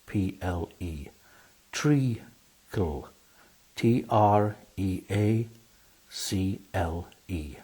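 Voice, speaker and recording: Slow, husky-voiced male teacher. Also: on the low side, mellow, rough recording. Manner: slow, careful, spells words letter by letter. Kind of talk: spelling lesson.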